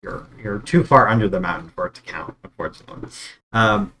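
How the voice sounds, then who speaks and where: A man's voice: lowish voice, a little fast, fairly bright tone. A man narrating as dungeon master, describing scenes with many ums and uhs over an online call. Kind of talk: narrating a tabletop game.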